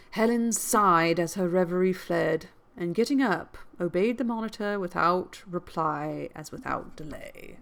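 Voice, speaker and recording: A woman's voice: fairly low pitch, a little slow, gravelly, few pauses, a bit bright. A woman reading a classic novel aloud as a podcast host, with chatty, amused asides. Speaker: book reader and podcast host. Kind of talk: reading aloud and casual chat.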